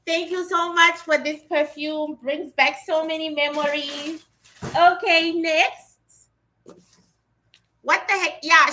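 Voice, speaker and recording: A woman in her thirties from Africa, chatting excitedly while unboxing gifts in a casual vlog. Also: sits high. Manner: excitable, exclaims often, chatty. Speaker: vlogger.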